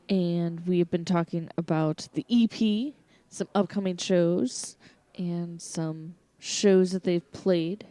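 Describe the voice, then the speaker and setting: A woman's voice: on the low side, steady tone, slow pace, mellow, dry recording. A woman co-hosting a radio show, asking a band questions in casual, teasing chat. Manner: laughing, teasing. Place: bowling alley bar.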